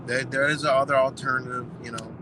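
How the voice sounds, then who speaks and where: A young man casually telling a story, quoting others in quick exchanges and swearing freely, recorded on a phone outdoors. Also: mid-range voice, level tone, background noise. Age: young adult. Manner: retells doctors' talk in quick quoted exchanges, swears freely. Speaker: vlogger.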